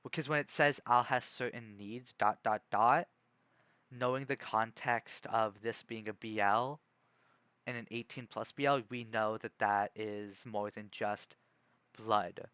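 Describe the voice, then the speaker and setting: Man, casual streamer reading aloud; unhurried, keeps restarting sentences, crisp dry mic. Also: fairly low pitch, steady tone, fairly bright tone, dry recording. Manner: rambling, self-correcting, many "you know"s. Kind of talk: casual chat while reading a book aloud.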